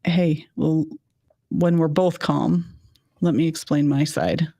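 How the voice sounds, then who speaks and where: A woman co-host with a gravelly, fry-laced voice, chiming in with reflective, agreeable remarks. Her voice sounds dry and close. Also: low voice, little pitch movement, slow pace, warm tone, no echo. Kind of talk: casual advice chat.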